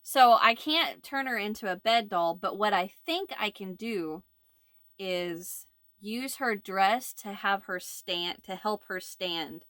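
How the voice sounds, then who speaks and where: A woman's voice: medium pitch, lively intonation, slow, sharp tone, dry recording, studio quality. A woman chatting casually to camera as a crochet vlogger, rambling and laughing easily. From United States. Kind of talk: casual chat.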